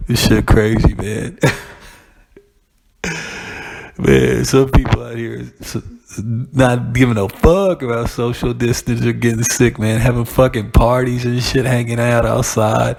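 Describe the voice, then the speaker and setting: This podcast host is a man with a medium-pitched, creaky, slightly mellow voice. His casual monologue rambles along, peppered with profanity and laughing asides.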